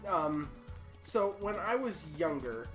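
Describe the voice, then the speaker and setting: A man's voice: on the high side, big pitch swings, slow pace, music in the background, poor audio. Young man with hiccups, rambling. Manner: rambling storyteller. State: has the hiccups. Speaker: let's play co-host. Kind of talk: casual gameplay chat.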